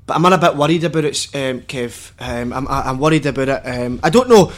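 Guy, ex-footballer, talks real fast and excited, swears, tells stories. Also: mid-range voice. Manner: excitable storyteller, swears and repeats himself. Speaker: podcast co-host, former footballer. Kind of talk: casual football chat.

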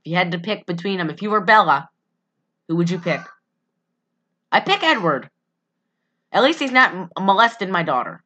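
Bright-voiced rambling woman chatting. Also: on the low side, muffled recording. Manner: rambling, animated, quick to laugh. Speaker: podcast co-host. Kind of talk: casual chat.

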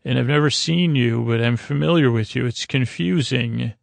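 A man's voice: medium pitch, vocal fry, dry recording. A man voicing a scheming male Victorian villain in a casual retelling, with fillers and halts. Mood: puzzled. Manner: casual quoting inside a recap, halting with fillers.

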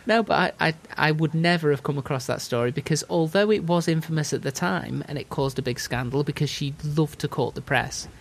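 A man's voice: fairly high pitch, brisk, vocal fry, hardly any pauses. A man hosting a podcast, telling a story in casual chat with dry jokes. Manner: storytelling, dry jokes, puts on silly voices. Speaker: podcast host.

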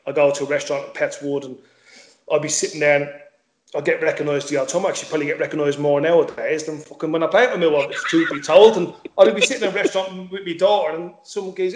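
A middle-aged man talks quickly, repeating words as he goes and dropping the odd swear. His voice sits a touch high for a man. The room around him is echoey. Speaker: former footballer, guest. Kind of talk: casual interview chat.

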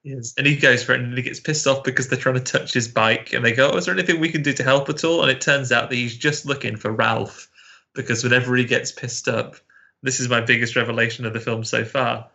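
Guy on a film podcast, bright voice, rambles through stories. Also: mid-range voice, little pitch movement, a little fast, gravelly. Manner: chatty storyteller, drops into voices for quotes. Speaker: podcast co-host. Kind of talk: casual film chat.

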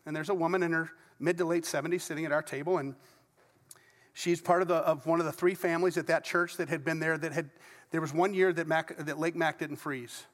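Middle-aged pastor, bright voice, churchy reverb. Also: male voice, fairly high pitch, steady tone, fairly quick. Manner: conversational storytelling with asides. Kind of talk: sermon. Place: church sanctuary before a congregation. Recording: long reverb of a large church hall.

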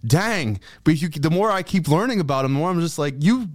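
A man's voice: fairly high pitch, lively intonation, brisk, no room sound, studio quality. Stammering man in casual chat. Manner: stammers, restarts, laughs along. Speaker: podcast guest.

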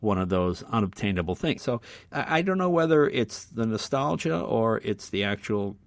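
An older man telling casual stories as a podcast guest, acting out the other voices with loud shouts. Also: on the low side, moderate pace, no echo. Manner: animated storyteller, acts out voices loudly. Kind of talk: casual storytelling.

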